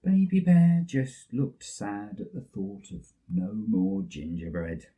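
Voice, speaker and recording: An English man reading a children's story aloud, lively and expressive. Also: lowish voice, slow, far from the mic.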